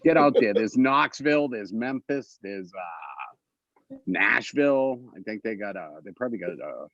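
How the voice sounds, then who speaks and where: A man's voice: fairly low pitch, big pitch swings, a little slow, fairly bright tone, dry recording, muffled recording. A man doing comedic debate banter from home, brash and profane, rambling as he riffs.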